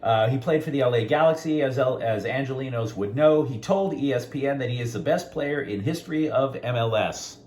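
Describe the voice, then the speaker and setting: Male sports host, mid-pitched, very animated delivery, blunt and opinionated, speaks straight to viewers. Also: fairly quick. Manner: outspoken, talks straight to viewers.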